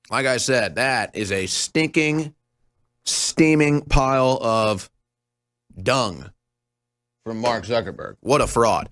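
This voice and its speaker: A man's voice: on the high side, fairly bright tone, no echo, clean studio sound. A young man hosting a talk show, delivering a sarcastic, scornful monologue that jumps between topics.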